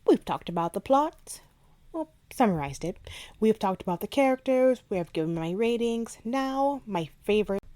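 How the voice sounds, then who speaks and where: A woman hosting a book podcast, retelling a favorite scene in an animated, chatty way. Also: fairly low pitch. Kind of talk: casual book review chat.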